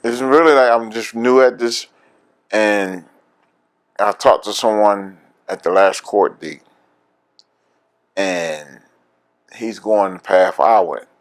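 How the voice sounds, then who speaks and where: Laughing man telling his story. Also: sits low. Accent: Philadelphia. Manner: candid storytelling, laughs often. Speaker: veteran interviewee. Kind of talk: oral history interview.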